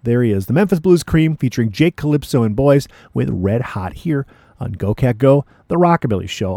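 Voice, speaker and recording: Laid-back male radio DJ, dark dry voice. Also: medium pitch, expressive, fairly quick, dry recording. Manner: laid-back and chatty, with frequent "uh" and "you know". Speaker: radio DJ host. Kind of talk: casual radio DJ patter between records.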